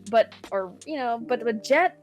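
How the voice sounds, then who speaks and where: A young woman chatting as a podcast guest, telling stories in a lively way with many fillers. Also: a little high, measured pace, faint music behind. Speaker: guest content creator. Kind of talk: casual podcast chat.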